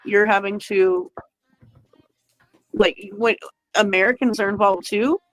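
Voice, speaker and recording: A woman speaks on a live audio panel, blunt and wisecracking, quick to jump in and correct others. Her voice sits in a middle range. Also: mid-range voice, fairly even intonation, no echo, poor audio. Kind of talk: casual live-stream chat.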